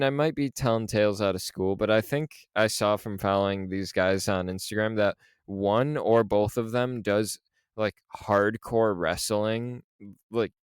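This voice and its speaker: A man with a low, smooth voice talks through a horror film in relaxed podcast chat. He tells the story with animated energy, swears freely and laughs often. The sound is dry and close to the mic. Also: dry recording. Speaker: podcast co-host. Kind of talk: casual film discussion.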